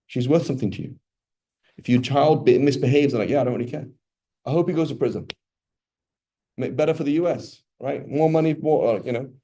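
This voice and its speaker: A man teaching an informal religious lesson in a mosque, chatty and animated, often asking the audience questions. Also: mid-range voice. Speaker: teacher giving a talk in a mosque.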